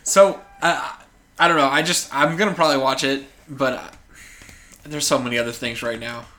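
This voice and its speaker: A man co-hosting a podcast in casual chat, dropping wry, deadpan jokes. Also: mid-range voice, normal speed. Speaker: podcast co-host.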